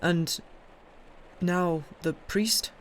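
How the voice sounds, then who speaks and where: A woman's voice: on the low side, drawn-out words, slight background noise. A woman voicing a curt grieving father. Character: grieving father, stern crown prosecutor.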